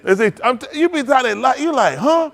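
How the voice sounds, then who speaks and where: A man, a preacher telling loose, animated stories to his congregation, laughing often and repeating himself as he goes. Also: very high voice, fairly quick, gravelly. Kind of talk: loose storytelling sermon.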